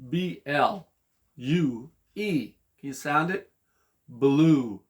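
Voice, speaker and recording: A man with a higher-pitched voice spells out words one letter at a time for a children's phonics lesson. His pace is slow and patient, his tone animated and sing-song.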